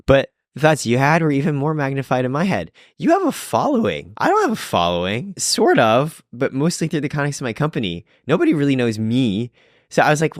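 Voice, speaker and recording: Animated young man co-hosting a podcast. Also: mid-range voice, a little fast, no room sound, studio quality. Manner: playful, animated storyteller. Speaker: podcast co-host. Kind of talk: casual chat.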